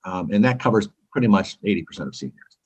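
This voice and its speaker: A man's voice: expressive, fast, a little mellow, breathy edge, dull audio. A man from California, a company founder, giving eager, talkative answers in a casual interview. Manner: eager, talkative salesman pitch.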